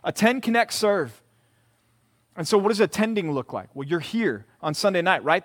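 A man's voice: high voice, lively intonation, moderate pace, fairly bright tone. A male pastor giving a conversational sermon to a college group in a church room, emphatic and repeating key words.

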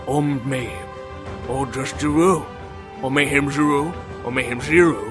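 Guy rambling through his character's names, music clear behind. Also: mid-range voice, measured pace. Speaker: tabletop game player. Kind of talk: casual self-introduction.

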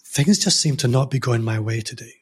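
A man's voice: mid-range voice, a little fast, breathy edge. A middle-aged man hosting an interview podcast, thoughtful and searching for the right words. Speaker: podcast host. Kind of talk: interview conversation.

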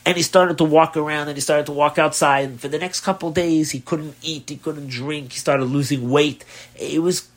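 A man, a rabbi, telling a story during a religious class, animated and chuckling along as he narrates. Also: fairly high pitch, moderate pace. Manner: animated storyteller, acts out voices, chuckles at his own story.

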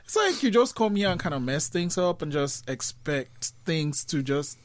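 High-voiced man, enthusiastic interviewer. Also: very animated, moderate pace, no room sound. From not from Canada. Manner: enthusiastic, rambling, filler-heavy. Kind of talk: interview conversation.

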